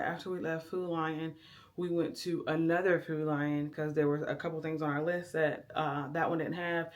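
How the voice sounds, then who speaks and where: A woman's voice: low voice, little pitch movement, moderate pace. A young woman, chatting casually to her camera at home in a laid-back vlog, talking straight to her viewers. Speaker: vlogger. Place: at home, indoors. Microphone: handheld camera.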